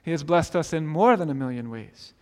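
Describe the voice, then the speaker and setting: A man's voice: a little high, lively intonation, brisk, darkish tone, in a large hall. A male pastor preaching a sermon in a conversational way, often asking "right?" and restarting words.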